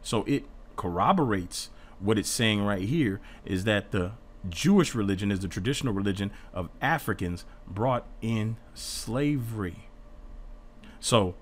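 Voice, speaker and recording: A man with a fairly low voice leads an informal Bible study. He talks earnestly and a little defensively as he reads and explains passages. A faint hiss sits under his voice. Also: animated, unhurried.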